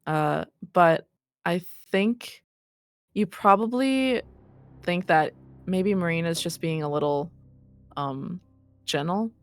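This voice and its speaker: A woman narrating a tabletop role-play as game master, relaxed and full of fillers. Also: fairly low pitch, takes it slowly, long pauses, no room sound, soft background music.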